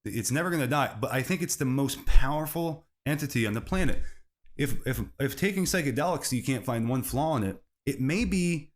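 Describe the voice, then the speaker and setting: A man's voice: medium pitch, lively intonation, a little fast. A man hosting a solo comedy podcast, rambling from bit to bit and laughing at his own jokes. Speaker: podcast host.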